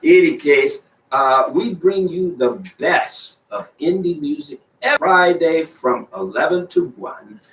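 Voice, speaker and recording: A man's voice: a little high, lively intonation, measured pace, hardly any pauses, a bit bright, echoey room, far from the mic, poor audio. A man hosting a radio show, bantering casually and teasing his co-host with frequent laughs.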